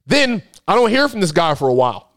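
A young man on a podcast, telling a wild story in casual slang and acting out his friends' lines with animated energy. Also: sits high, fairly quick. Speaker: podcast co-host.

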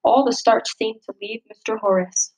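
A woman reading a children's picture book aloud, gently expressive and lifting her voice for the characters' lines. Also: a little high, normal speed, rough recording. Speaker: storybook reader.

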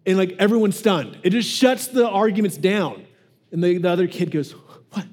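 A man's voice: sits high, moderate pace, darkish tone. A male pastor giving a casual, joking sermon and acting out the quoted voices of the people in his stories.

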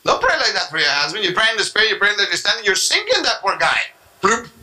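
Racing through his sermon in a high voice, a pastor preaches animatedly, imitating people and acting out prayer voices and tongues as he teaches. The recording is rough.

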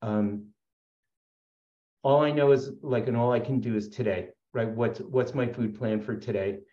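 A man's voice: medium pitch, a little slow. Earnest rambling man, echoey lo-fi. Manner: rambling, earnest, many fillers and restarts. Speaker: speaker sharing at a recovery meeting. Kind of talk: personal share at a support meeting.

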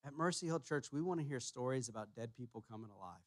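A man preaching a sermon as pastor, emphatic, repeating his key phrases and pushing louder on each point. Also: mid-range voice, lively intonation, fast talker, dry recording. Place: church sanctuary.

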